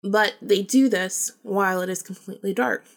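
A woman's voice: medium pitch, normal speed, vocal fry. A woman hosting a podcast, telling a personal story in a casual, chatty way and acting out the dialogue with lots of "like"s. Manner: chatty, acts out quoted dialogue with many "like"s. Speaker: podcast host.

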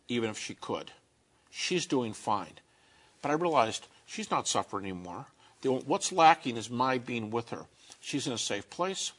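A man giving an earnest, conversational talk about grief and faith, slowing down to stress key points. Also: medium pitch, fairly bright tone. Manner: earnest storytelling, slowing down for emphasis.

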